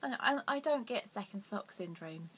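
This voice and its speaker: A woman's voice: medium pitch, animated, normal speed, a little hiss or hum. A young woman hosting a casual knitting vlog, rambling and self-deprecating, with her voice dropping to near whispers at times. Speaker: knitting podcast host.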